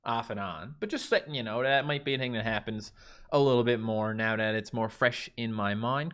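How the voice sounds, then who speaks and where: Here the Newfoundland-accented streamer sounds medium-pitched, bright, and smooth, with a forceful edge. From a mostly empty carpeted room, this host from Newfoundland, Canada, chats casually and answers his viewers' messages.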